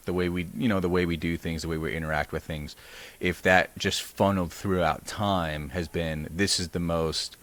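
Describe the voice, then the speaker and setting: A man's voice: low-pitched, a bit bright, dry recording. A man co-hosting a podcast who muses in a hesitant way while playing devil's advocate in casual talk. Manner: slow, musing, hesitant. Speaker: podcast co-host. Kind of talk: casual conversation.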